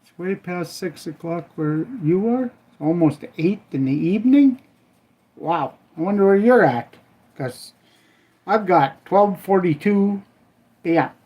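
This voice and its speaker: A man's voice: high-pitched, lively intonation, unhurried, a little mellow. Rambling older man from Minnesota. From Minnesota, USA. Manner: rambling, folksy, trailing off with "I don't know"; cooking while he talks. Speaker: livestream host. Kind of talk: casual live-stream chat.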